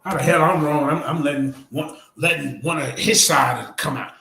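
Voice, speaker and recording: Bright, combative man ranting on stream. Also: a little high, gravelly. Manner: combative, profane, fast-talking trash talk. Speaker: streamer host. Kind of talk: heated livestream rant.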